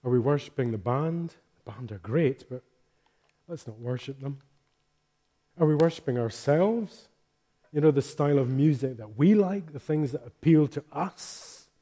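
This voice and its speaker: A man's voice: medium pitch, animated, normal speed, dark tone. A man preaching a sermon in a chatty, joking way, reading scripture aloud with strong emphasis. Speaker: pastor.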